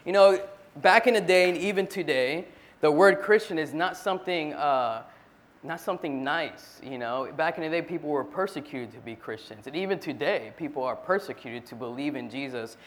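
A man's voice: a little high, animated, normal speed, a little hiss or hum. A man at a church meeting, earnestly retelling a Bible story in a casual sharing style, often restarting his sentences.

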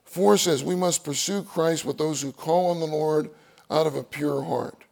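A man's voice: a little high, moderate pace, vocal fry, darkish tone. A man preaching a sermon, reading outline points aloud and repeating key phrases for emphasis.

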